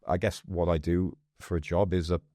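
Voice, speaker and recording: A man with an extremely deep voice chats casually as an interview guest. He tells stories in a lively way and slips into the voices of the people he quotes. The recording is dry and close, with no room sound. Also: moderate pace, no echo. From England. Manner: lively storyteller who acts out quoted voices. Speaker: podcast guest.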